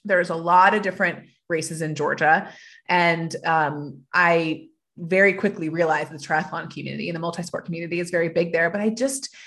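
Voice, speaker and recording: Woman coach as podcast guest, calm and motivational, reflective chat. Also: lowish voice. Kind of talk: casual interview chat.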